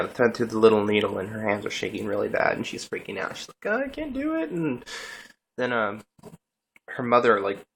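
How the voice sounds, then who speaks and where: A man's voice: lowish voice, creaky, bright, forceful tone, slight background noise. A young man casually recapping a TV episode, rambling through scenes with lots of "he's like" retellings. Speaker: TV episode reviewer.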